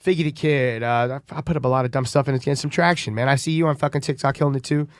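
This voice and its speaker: A man's voice: medium pitch, fairly even intonation, very fast, dry recording, clean studio sound. A male comedian as a podcast guest, joking and swearing freely in casual chat.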